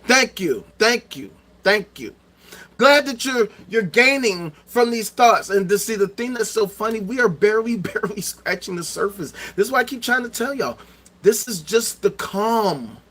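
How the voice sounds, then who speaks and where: A middle-aged man talking to his viewers in a loud, profane, repetitive rant with plenty of rhetorical questions. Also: high voice, lively intonation, normal speed. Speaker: streamer. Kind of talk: ranting livestream monologue.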